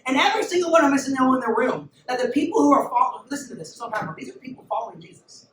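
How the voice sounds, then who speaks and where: A high-voiced man preaches emphatically to a youth group. He is heard from a distance in an echoey church room. Steady noise sits under his voice. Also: racing. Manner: emphatic, urges listeners to look and listen. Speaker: youth pastor. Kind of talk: sermon.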